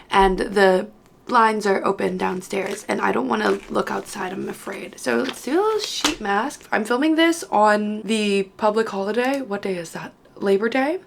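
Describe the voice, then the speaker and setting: A woman's voice: medium pitch, vocal fry, fairly bright tone, slight background noise. A tired young woman with an Australian accent, chatting casually to her viewers late at night at home. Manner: chatty, joking, talking to viewers. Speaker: vlogger. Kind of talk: casual study vlog chat.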